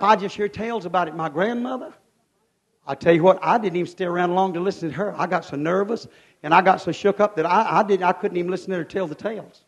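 A male preacher delivering a fervent sermon in a voice high for a man. He drops to a hush, then climbs to shouted peaks. He talks in a folksy way and keeps asking the congregation questions. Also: quick pace. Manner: fervent, swings from hushed to shouting.

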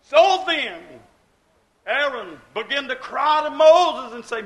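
A male preacher giving a sermon, retelling scripture in folksy dialect and dropping low, then rising loud, when quoting God. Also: expressive, takes it slowly. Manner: storytelling preacher who acts out God's voice low and rising loud.

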